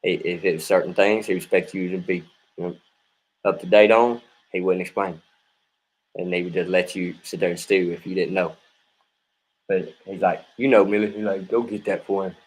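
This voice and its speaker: A man's voice: sits low, fairly even intonation, normal speed, long pauses, poor audio. A man telling a personal story in a casual, rambling way, often adding "you know what I mean.".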